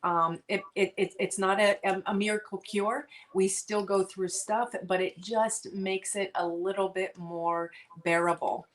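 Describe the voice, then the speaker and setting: Middle-aged woman guest, earnest and halting, heartfelt storytelling. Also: medium pitch, fairly even intonation. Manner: earnest, halting, many restarts. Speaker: guest author.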